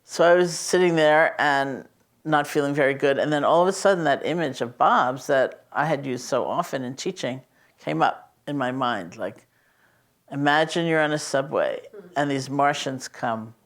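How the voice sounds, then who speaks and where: A woman's voice: very deep voice, normal speed. Woman meditation teacher telling stories. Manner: storytelling, conversational, gently emphatic. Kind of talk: reflective teaching talk.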